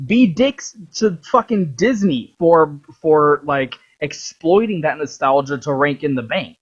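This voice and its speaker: Husky, heated, swearing vlogger. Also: medium pitch, lively intonation, slow pace. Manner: profane, heated, filler-heavy. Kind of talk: casual ranting monologue. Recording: dull lo-fi recording.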